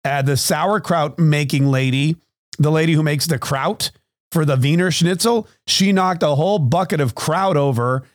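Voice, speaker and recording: A man's voice: on the high side, normal speed, dry recording, clean studio sound. A man hosting a podcast, telling a story in a rambling, sarcastic comic monologue. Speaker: podcast host.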